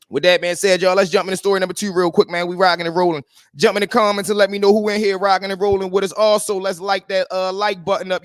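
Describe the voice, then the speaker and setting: A man hosts a livestream story show in animated street talk. His voice sits fairly high for a man. The sound is close and dry. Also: no echo. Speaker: host.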